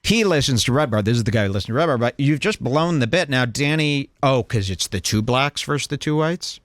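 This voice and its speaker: A man's voice: medium pitch, animated, a little fast, no room sound. A man hosting a mocking video commentary, sarcastic and ranting, often slipping into voice impressions. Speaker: commentary host.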